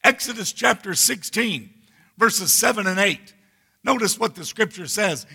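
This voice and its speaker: A man preaching a sermon as pastor, teaching verse by verse with slow, deliberate emphasis. His voice is bright and somewhat husky. A long reverb from a large hall trails behind him. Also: high voice, expressive. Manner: expository preaching, slow and emphatic with scripture readings.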